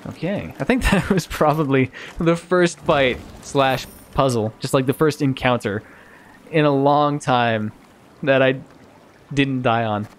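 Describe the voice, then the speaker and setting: A man streaming a video game, thinking aloud in a casual, self-mocking way and getting easily excited. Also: medium pitch, unhurried, slight background noise. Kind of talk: casual let's-play commentary.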